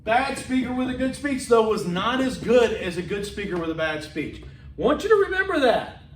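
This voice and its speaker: A middle-aged man giving a college lecture in a classroom, loud and animated, with chatty asides and repetitions. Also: very high voice, moderate pace, far from the mic. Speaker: college instructor. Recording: echoey room.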